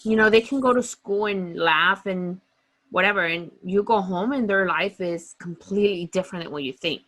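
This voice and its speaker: A woman at a middle pitch gushes about books in a casual podcast chat. She talks with open emotion and tells her stories with animation. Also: moderate pace. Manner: gushing, emotional, animated storytelling. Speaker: podcast co-host.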